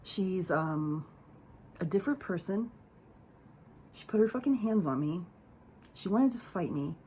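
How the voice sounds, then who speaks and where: Low-voiced woman telling a raw, profane story. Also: lively intonation, unhurried, mellow, a little hiss or hum. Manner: profane, raw and emotional, rambling with fillers. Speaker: vlogger telling a personal story. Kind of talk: candid storytime monologue.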